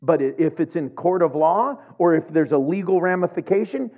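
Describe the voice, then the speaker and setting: Animated middle-aged male preacher. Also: a little high, moderate pace, highs cut off. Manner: animated storyteller, acts out voices, laughs often. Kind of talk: sermon with humorous anecdotes.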